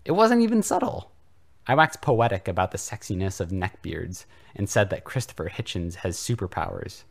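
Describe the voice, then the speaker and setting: Whiny annoyed troll guy going high and pleading, man doing the voice. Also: very animated, normal speed, gravelly, heavily acted. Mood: exasperated. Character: whiny adult male atheist troll, defensive.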